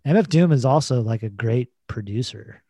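A podcast co-host with a mellow, mid-range voice and a breathy edge speaks expressively at a moderate pace, with no echo. He's laid-back in casual chat, swearing and laughing through his stories and leaning heavily on "like" and "you know."

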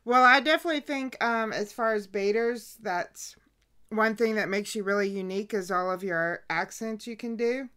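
A woman's voice: mid-range voice, normal speed, pushed and bright, clear, resonant tone. A woman co-hosts a casual podcast. She has a mid-range voice and an easygoing, giggly manner as she puts questions to a guest. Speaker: podcast co-host.

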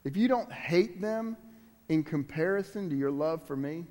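A high-voiced man preaches a sermon as a guest speaker. He is emphatic but conversational and keeps turning to the congregation with asides. His voice rings out with a long echo in a church hall. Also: lively intonation, moderate pace, mellow.

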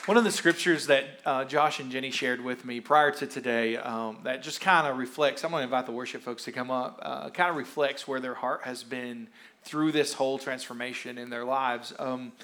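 A man preaches and interviews members of his church from the stage. He speaks in a steady, middle-pitched voice, conversational and encouraging, slowing down when he reads scripture. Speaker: pastor. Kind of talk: sermon and interview of congregants.

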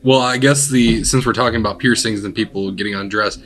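A man's voice: fairly low pitch, steady tone, fairly quick, a bit bright. A man co-hosting a casual podcast chat who teases his friends with dry quips. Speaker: podcast co-host.

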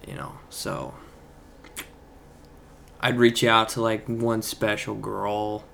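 A young man co-hosting a podcast, talking casually in a halting, rambling way full of fillers. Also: fairly low pitch, flat delivery, vocal fry, a bit bright. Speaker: podcast co-host. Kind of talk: casual chat. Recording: faint background noise.

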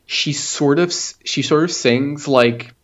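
A man's voice: on the high side, takes it slowly. Young man co-host, slightly muffled. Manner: relaxed, critical, lots of "like" fillers. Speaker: podcast co-host. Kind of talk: casual chat. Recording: slightly dull, lo-fi sound.

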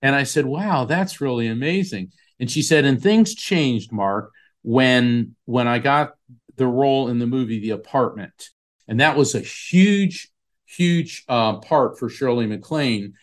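A man in an interview spins a long anecdote. His voice sits at a middle pitch, and he brings quoted people to life as he goes. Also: a little slow. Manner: animated storyteller acting out quoted voices. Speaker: psychic medium guest. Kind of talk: storytelling in an interview.

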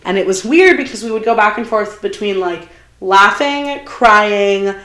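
A young woman telling a long personal story in casual chat, animated and full of fillers and quoted asides. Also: mid-range voice, unhurried. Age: young adult. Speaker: podcast guest. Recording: roomy echo.

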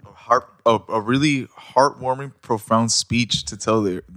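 A man in casual chat, joking and chiming in with quick asides. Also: mid-range voice, fairly even intonation, a bit bright, no room sound, clean studio sound.

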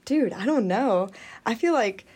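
A woman's voice: fairly high pitch, expressive, measured pace, a little mellow, breathy edge. A woman guesting on a podcast, telling a story in a giggly, laid-back way. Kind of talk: casual chat.

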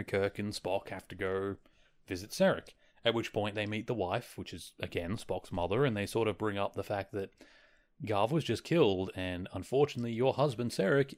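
A man with a somewhat low voice hosts a podcast solo. He recaps at an easy, rambling pace, leaning on fillers and chuckling at the funny bits. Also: normal speed. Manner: rambling, filler-heavy, amused. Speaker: podcast host. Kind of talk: casual solo episode recap.

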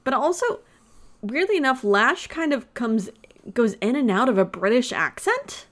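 A woman's voice: on the high side, animated, moderate pace, fairly bright tone. A woman co-hosting a podcast, retelling a movie plot in casual chat with sarcasm and frequent laughter. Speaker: podcast co-host.

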